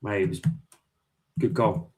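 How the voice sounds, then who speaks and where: A football fan streamer with a fairly low voice speaks at a measured pace as he watches a match live with his viewers. He's excitable, swears a lot, and shouts at the players and the referee.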